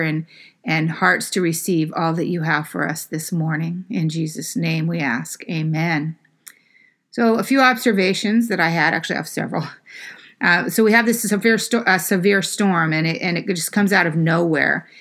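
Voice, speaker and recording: Conversational woman preacher, lowish voice. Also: fairly bright tone. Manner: conversational, with frequent fillers. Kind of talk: sermon.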